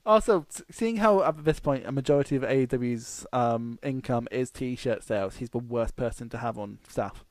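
A man co-hosting a podcast, chatting casually, swearing freely and telling animated stories with laughs. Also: medium pitch, normal speed, few pauses, no room sound. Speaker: podcast co-host. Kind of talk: casual chat.

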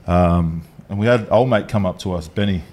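A man, co-hosting a podcast and telling stories in a laid-back, halting way with many fillers. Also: deep voice, darkish tone. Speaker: podcast co-host. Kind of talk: casual storytelling.

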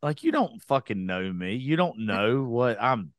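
A man's voice: medium pitch, big pitch swings, unhurried, dry recording, clean studio sound. A young man hosting a podcast, talking bluntly in a casual, profane rant. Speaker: podcast host.

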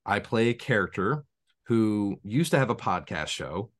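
At a measured pace, a man with a fairly low voice tells rambling game-master stories on a podcast. The chat is casual, he restarts frequently, and he acts out quoted voices with lively energy.

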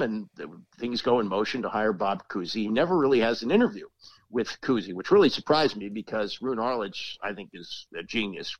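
A man's voice: fairly low pitch, dry recording, dull audio. A man on a sports talk show, casually telling long stories with many restarts. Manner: rambling anecdotes with restarts and laughs.

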